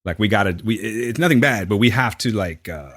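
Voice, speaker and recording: A man's voice: lowish voice, a little fast, fairly bright tone. A man co-hosting a podcast in casual chat, teasing and joking and swearing freely. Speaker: podcast co-host. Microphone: remote call recording.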